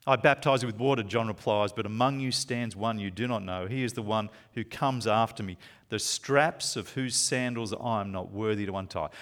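A man preaching a sermon to a congregation, swinging from loud emphatic lines to slow, hushed asides. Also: medium pitch.

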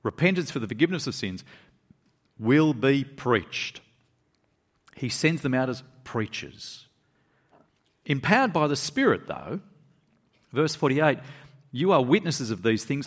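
A male pastor delivers a sermon, with a voice that swings widely in pitch as he drives his points home. He reads scripture passages aloud and drops into quick, low asides to check that his listeners are following. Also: in a large hall. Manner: animated preaching, pitch rising and dropping for emphasis, quick asides.

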